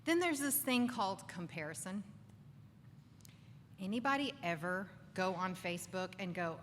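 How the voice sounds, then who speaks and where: Animated woman speaker in a reverberant room. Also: mid-range voice, measured pace, slight background noise. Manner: animated, acts out inner voices, asks the crowd "right?". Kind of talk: lively faith talk to a live audience. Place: bar gathering with live audience. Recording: distant voice with long reverb, faint ambience.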